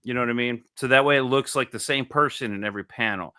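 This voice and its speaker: A man's voice: medium pitch, fast talker, sharp tone, clear, resonant tone, no echo, studio quality. A man co-hosting a casual comic-review chat, laughing often and rambling with restarts. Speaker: podcast co-host reviewing comics.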